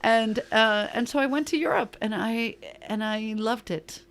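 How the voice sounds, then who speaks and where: A woman's voice: on the high side, unhurried. An American woman from New York in her sixties, a podcast guest telling stories in casual chat, laughing often and tripping over repeated words. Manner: lively storyteller, laughs often, repeats words when excited.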